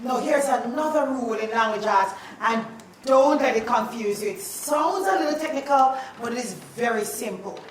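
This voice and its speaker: A woman teacher, leading a playful, animated spelling lesson in a classroom. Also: a little high, moderate pace, background noise. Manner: animated and playful, calls out questions. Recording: echoey classroom, mic at a distance.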